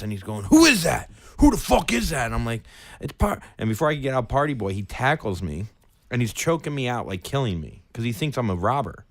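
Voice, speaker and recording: A man co-hosting a podcast, telling a crude, rowdy story in casual chat and loudly acting out what people said. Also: medium pitch. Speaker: podcast co-host.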